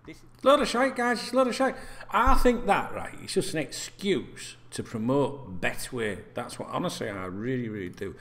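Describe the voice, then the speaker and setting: A man's voice: medium pitch, very animated, normal speed, a bit bright. A man hosting a football news channel, reading out stories and ranting with sarcastic, sweary asides. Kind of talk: casual ranting news read-through.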